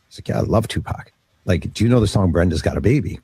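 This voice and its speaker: A man's voice: deep voice, expressive, fast talker, dark tone, breathy edge. A man, an author, telling a story from his book in an interview, acting out the quotes with animation.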